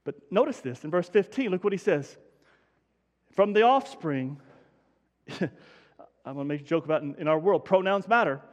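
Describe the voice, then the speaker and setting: A man delivering a lively sermon in a high voice, leaning on repeated phrases and talking straight to his congregation. His voice rings out with a long reverb from a large church sanctuary. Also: moderate pace, pauses often, lo-fi sound. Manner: energetic, conversational preaching with emphatic repetition. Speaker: pastor.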